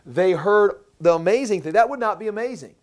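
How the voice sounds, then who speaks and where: A man preaching a sermon as pastor, explaining a Bible passage step by step in an emphatic way and slowing down to stress key words. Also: sits high, animated. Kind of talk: sermon, verse-by-verse Bible teaching.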